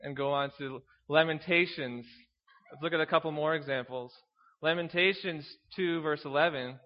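High-voiced man preaching in a hall. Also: normal speed, lo-fi sound. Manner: earnest teaching, reads scripture aloud, asks rhetorical questions. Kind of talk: sermon.

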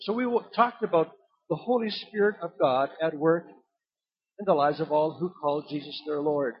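A man's voice: a little high, normal speed, husky, highs cut off. An older man preaching a sermon, telling a folksy story and acting out the voices in it. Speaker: pastor.

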